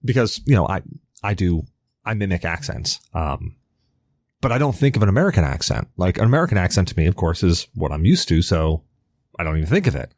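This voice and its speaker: A man's voice: low voice, very animated, a little fast, darkish tone, dry recording, clean studio sound. A man co-hosting a podcast in rambling, casual chat, swearing now and then, from the New York area. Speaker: podcast co-host.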